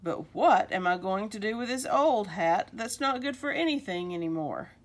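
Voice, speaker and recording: A woman's voice: medium pitch, animated, normal speed, natural voice. A woman voicing a grumbling old man who frets and argues with his hat. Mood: fretting. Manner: talks to himself, fretful back-and-forth.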